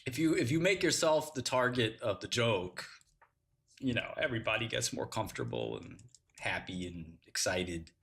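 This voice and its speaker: Guy spinning funny stories, bright voice, pitch jumps all over. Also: normal speed, vocal fry. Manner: animated storyteller, laughs at his own jokes, acts out quotes. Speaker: podcast host telling prison stories. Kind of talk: casual anecdote telling.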